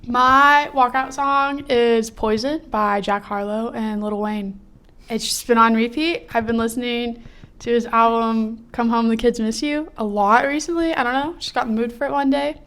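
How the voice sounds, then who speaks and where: A woman in her twenties, a university student co-hosting a podcast, chatting in an animated way and riffing along with her partner. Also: a little high, smooth. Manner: animated, quick to agree and riff along. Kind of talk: casual chat.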